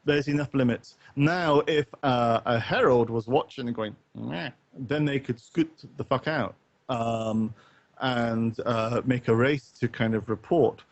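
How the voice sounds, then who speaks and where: A man's voice: mid-range voice, a little slow. A man who grew up partly in Northern Ireland, co-hosting a podcast after-show in casual chat, rambling and thinking aloud with lots of fillers. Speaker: podcast co-host. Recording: dull lo-fi sound.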